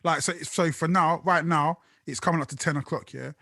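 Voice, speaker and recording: Casting note: male podcast co-host, a bit higher pitch, dry close sound, wry self-mocking delivery. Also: steady tone, brisk, vocal fry, sharp tone, dry recording. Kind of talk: casual chat.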